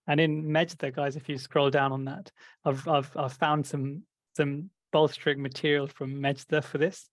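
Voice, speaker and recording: A man's voice: on the high side, flat delivery, normal speed, no room sound. A man leading a casual group discussion, often restarting his phrases as he goes. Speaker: discussion leader.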